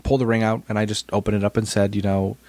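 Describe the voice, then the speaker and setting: A man's voice: lowish voice, little pitch movement, rapid-fire, a little mellow, no echo. A man co-hosting a podcast, telling a story in casual chat and often repeating his words. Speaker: podcast co-host.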